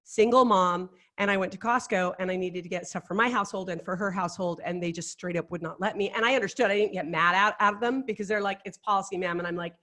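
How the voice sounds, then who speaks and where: A woman's voice: on the low side, fast talker, hardly any pauses. A middle-aged woman, a life coach, telling candid stories in casual chat. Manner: animated storyteller, candid and chatty.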